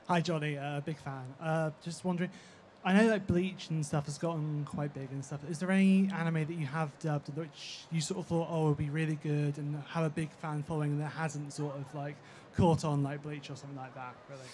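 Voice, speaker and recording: Man, audience questioner, hesitant, slightly high voice, distant mic, faint hall ambience. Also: fairly even intonation, fairly quick, darkish tone, a little hiss or hum. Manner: hesitant, many fillers. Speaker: audience member asking a question.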